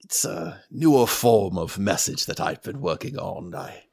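A man voicing a calm, apologetic old male sage in a tabletop game, speaking haltingly with many hesitations. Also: low voice, gravelly, breathy edge, pitched below the performer's own voice, exaggerated voice. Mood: measured.

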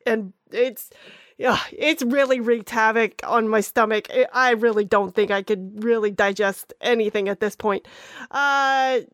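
A woman's voice: on the high side, dry recording, studio quality. A woman playing a character in a tabletop game, joking and slangy. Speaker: player. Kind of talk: casual role-play as player.

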